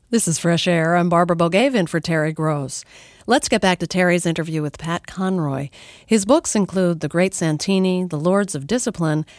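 A woman radio host reading scripted introductions in a measured, clear manner. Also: lowish voice, a little mellow, dry recording, clean studio sound.

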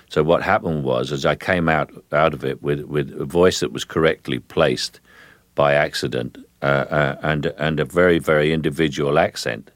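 An older English actor with a London Cockney accent and a rumbling low voice appears as a radio interview guest, with no room sound. He tells stories in a rambling, hesitant way, breaking off to demonstrate voices.

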